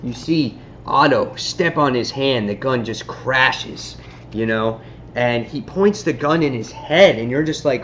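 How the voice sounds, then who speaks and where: Excitable man reviewing a comic. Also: medium pitch, measured pace, lo-fi sound, a little hiss or hum. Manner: excitable, retells the story with acted-out quotes. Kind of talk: casual vlog review.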